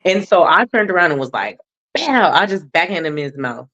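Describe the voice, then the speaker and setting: A woman's voice: deep voice, animated, quick pace, fairly bright tone, muffled recording. A woman co-hosting a casual talk show, telling a blunt, profane story about her son with lots of swearing. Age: adult mother of a son. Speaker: podcast co-host.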